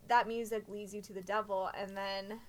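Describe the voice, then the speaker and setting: A woman's voice: medium pitch, level tone, moderate pace. A woman co-hosting a casual chat, earnestly talking through her views with lots of "like" and "um". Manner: earnest, explaining, with fillers. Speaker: podcast co-host.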